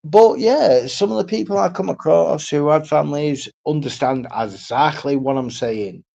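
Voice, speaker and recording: A man's voice: a little high, moderate pace, gravelly, warm tone. A man in a casual rambling monologue as a streamer. He swears a lot, laughs between lines and repeats himself.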